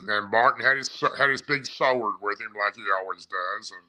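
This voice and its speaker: In a low-quality recording, a man with a fairly low voice and a sharp tone speaks at a moderate pace. He's an eyewitness casually recounting his own encounter, rambling and often repeating or restarting his phrases.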